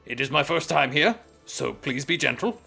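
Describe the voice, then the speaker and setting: Casting: earnest, formal male adventurer, played by a player in his own voice, gravelly texture. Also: fairly high pitch, animated, moderate pace, pushed and bright, soft background music, heavily acted. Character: big-nosed male adventurer, formal and devout.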